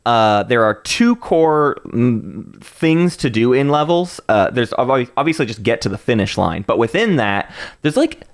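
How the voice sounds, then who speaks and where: A man's voice: mid-range voice, sing-song, unhurried, hardly any pauses. A young adult man co-hosting a casual podcast, explaining at length with many restarts. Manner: rambling, lots of restarts. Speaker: podcast co-host. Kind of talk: casual chat.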